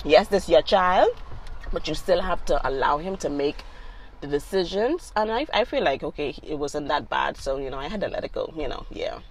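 A woman's voice: low voice, expressive, normal speed, a little hiss or hum, poor audio. A middle-aged woman, a mother talking casually with her grown son, reflective and full of "you know" fillers. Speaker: guest, mother of the host. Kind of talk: casual conversation.

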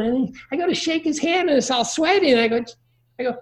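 A man's voice: extremely high pitch, animated, fairly quick. A middle-aged man giving crude, joking parenting advice in a casual conversation.

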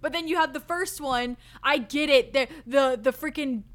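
A woman co-hosting a casual movie discussion, ranting in an animated, exasperated way with lots of "like". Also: high-pitched, moderate pace. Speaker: podcast co-host. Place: recorded live.

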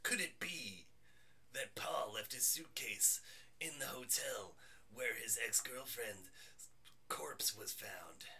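A man putting on a slow, hushed true crime narrator voice that drags out each sentence. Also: mid-range voice, expressive, vocal fry, slightly rough, voice pushed down, full character voice. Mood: ominous.

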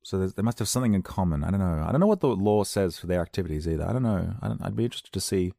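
Male podcast host, casual self-mocking rambler, gravelly tone. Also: low voice, lively intonation, racing, warm tone, no echo, clean studio sound. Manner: jokey, self-deprecating, slips into silly voices.

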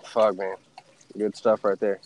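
A man's voice: lowish voice, little pitch movement, measured pace, a little mellow, slight background noise. A man with a Southern US accent co-hosting a casual, profane, joking chat show. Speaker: podcast co-host.

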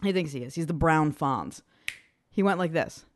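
A woman in her forties co-hosting a casual podcast chat, an animated storyteller who acts out the voices she quotes. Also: deep voice, normal speed, slight background noise. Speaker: podcast co-host.

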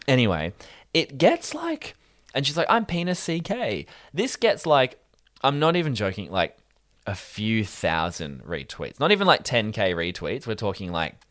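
Speaking at a moderate pace, a young man on a podcast swaps stories as a co-host in relaxed chat. The sound is dry and studio quality. He's lively, curses freely, and jumps into high mock voices.

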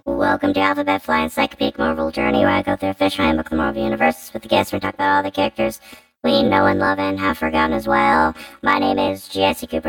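A man hosts a casual podcast chat through a robotic voice changer, sounding chatty and hesitant with lots of fillers. His voice is low and creaky, the audio quality is poor, and music plays in the background.

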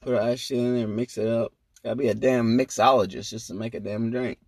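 A man co-hosting a casual podcast, laid-back and quick to laugh. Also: medium pitch, steady tone, a little mellow, breathy edge, no echo, clean studio sound. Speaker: podcast co-host.

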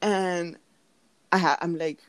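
Young woman, lower voice, dry close sound, chatty storyteller who acts out quotes. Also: takes it slowly, dry recording. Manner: animated storytelling, acts out quotes, laughs often. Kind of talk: casual chat.

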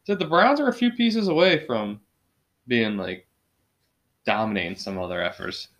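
A man hosting a casual podcast chat with friends, talking sports in an easygoing way. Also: moderate pace. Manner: animated, does high-pitched impressions when quoting. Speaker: podcast host.

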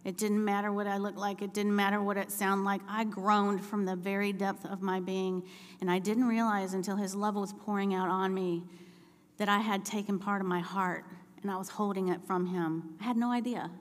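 A woman preaching a sermon in a church, telling personal stories and building to impassioned, shouted appeals. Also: medium pitch, little pitch movement, normal speed, long reverb tail. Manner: storytelling, rising to impassioned shouting. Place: church sanctuary.

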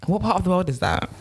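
A woman's voice: on the low side, a little hiss or hum. A young woman co-hosting a podcast in casual chat, giggly and teasing. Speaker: podcast co-host.

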